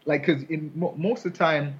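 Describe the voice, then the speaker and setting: A man's voice: a little high, steady tone, normal speed. A man rambling in casual talk, circling his point with plenty of asides. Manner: rambling, lots of fillers and restarts. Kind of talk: casual wrestling chat. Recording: husky, dull lo-fi sound.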